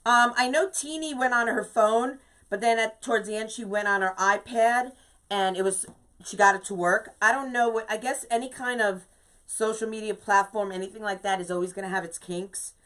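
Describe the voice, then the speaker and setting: A chatty woman hosting a live craft tutorial from her home workspace. She talks casually and warmly to her viewers, greets them one by one and keeps tagging her steps with "okay?". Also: mid-range voice, moderate pace. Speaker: craft livestream host.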